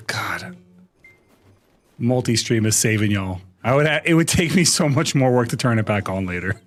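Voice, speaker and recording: A young man on a live stream rants at his chat in mock exasperation, swearing and laughing as he goes. His medium-pitched voice is expressive and moves at a normal speed, with faint music playing behind him.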